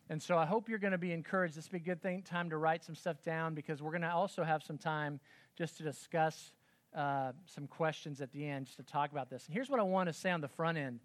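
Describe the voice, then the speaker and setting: A man in his forties delivers a sermon to parents in a loose, chatty way, often pausing to check in with the room. His voice sits a little high for a man. The sound is dry and close, with no room echo. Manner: conversational, self-deprecating storytelling with frequent "okay?" check-ins. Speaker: pastor.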